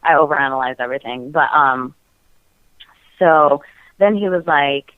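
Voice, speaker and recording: A deep-voiced woman, a podcast guest, tells a personal story frankly and casually at normal speed, pausing often. She giggles a lot and fills her speech with "like," and the audio is tinny, dry and phone-like with no room sound.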